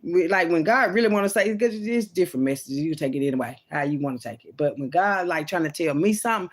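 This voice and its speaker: A woman's voice: fairly low pitch, lively intonation, quick pace. A woman vlogger in a loose, profane, rambling monologue about faith, talking straight to her viewers. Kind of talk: casual rambling spiritual monologue.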